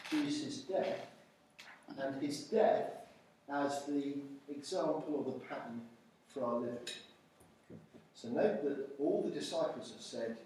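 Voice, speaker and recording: A man preaching an informal sermon, reading scripture slowly and deliberately. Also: a little high, mellow. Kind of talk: informal sermon at a church evening meal. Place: large echoey church hall. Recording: very echoey hall, voice from far off, faint noise.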